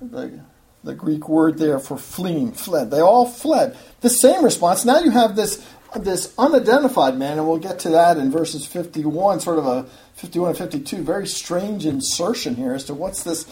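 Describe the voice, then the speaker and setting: A man's voice: on the high side, sing-song, moderate pace, mellow. A man pastor preaching a sermon in an earnest, conversational way, after reading scripture and praying.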